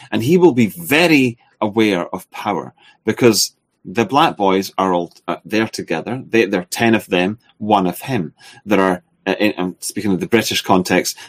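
A man with a somewhat low voice holds forth in a casual spoken discussion. He talks haltingly, filling pauses with uhs and restarting his sentences as he goes. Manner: halting, with many filler sounds and restarts.

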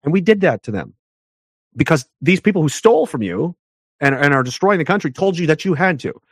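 Fast-talking, fired-up male interview guest. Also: very animated, breathy edge, dry recording, clean studio sound. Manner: emphatic, ranting, pitch jumps up sharply for emphasis. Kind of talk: heated conversational interview.

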